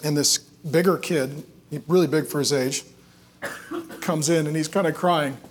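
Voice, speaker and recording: A middle-aged male pastor preaching in a relaxed, conversational way, telling family stories and cracking self-deprecating jokes. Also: a little high, unhurried, heavy background noise. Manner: joking, self-deprecating storyteller.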